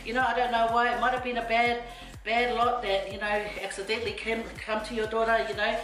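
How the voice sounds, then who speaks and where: A man's voice: very high voice, completely flat delivery, a little fast, reverberant, distant mic, music in the background, poor audio. A woman voicing an older male butcher, talking in an apologetic, placating way.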